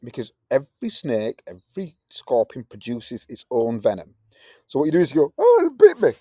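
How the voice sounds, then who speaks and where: Playful male science teacher, lively pitch. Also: normal speed, dry recording, studio quality. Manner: playful, jumping into high silly voices to act things out. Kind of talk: classroom lesson.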